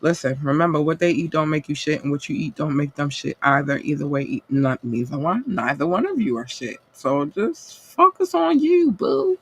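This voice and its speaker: A man with a husky, slightly breathy voice and a fairly high pitch for a man talks straight to his listeners. He hosts a podcast and gives a blunt, cursing pep talk, calling them babe and baby as he urges them on. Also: brisk, hardly any pauses. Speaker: podcast host. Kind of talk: casual motivational monologue.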